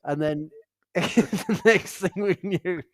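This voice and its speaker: A man's voice: high-pitched, slow pace, dry recording, clean studio sound. Laughing man swapping rowdy stories. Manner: laughs often, swears freely. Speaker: podcast co-host. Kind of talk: casual storytelling chat.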